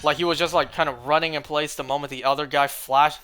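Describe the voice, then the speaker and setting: A man's voice: fairly high pitch, steady tone, fast, bright, forceful tone, clean tone, soft background music. A man streaming a shiny hunt, chatting casually to his viewers in a rambling way full of "like"s. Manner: rambling, filler-heavy talk with many "like"s. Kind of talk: casual livestream chat while shiny hunting.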